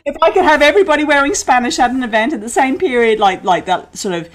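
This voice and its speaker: A woman's voice: high voice, fast, slight background noise, poor audio. A middle-aged woman, a podcast guest, telling a funny anecdote with lots of laughter and acted-out quotes. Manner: laughing, animated storyteller acting out quotes. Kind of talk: anecdotal storytelling in a podcast interview.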